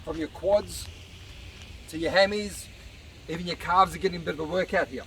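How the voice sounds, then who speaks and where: Working out at an outdoor beach park, a man coaches viewers in a casual demonstration, sounding slightly out of breath as he encourages them. He's a fitness coach with a voice on the high side, pushed and bright, at a moderate pace. A distant outdoor mic picks up traffic noise.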